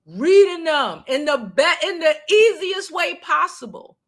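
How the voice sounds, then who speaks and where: A woman's voice: extremely high pitch, very animated, a little slow. A middle-aged woman hosting a live stream, chatting casually and animatedly with frequent fillers and restarts. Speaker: channel host.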